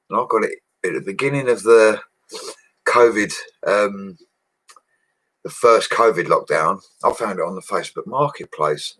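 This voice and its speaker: A man's voice: low voice, a bit bright, breathy edge. A young man, chatting casually on a home livestream, laughing often and answering viewers' comments. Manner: laid-back, chatty, laughs often, slangy. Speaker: bricklayer livestream host. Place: home, indoors.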